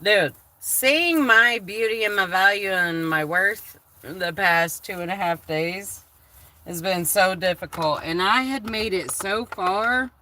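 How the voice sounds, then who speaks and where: A woman's voice: mid-range voice, slow pace, pushed and bright. A woman chatting candidly on a livestream, emotional and swearing freely. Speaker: live streamer. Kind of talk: casual livestream chat.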